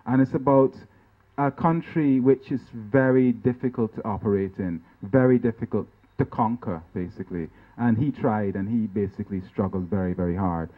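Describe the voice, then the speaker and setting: A man from Guyana giving an informal artist's talk over slides, halting with many restarts and tag questions like "right?" and "you know". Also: fairly low pitch. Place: lecture venue. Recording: tinny, phone-like band-limited sound.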